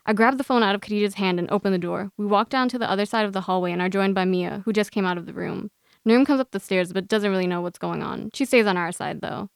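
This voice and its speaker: A young woman reading her personal essay aloud in an earnest, steady way, then talking casually about it as a guest. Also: mid-range voice, fast talker, gravelly, smooth, dry recording, clean studio sound. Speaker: guest author.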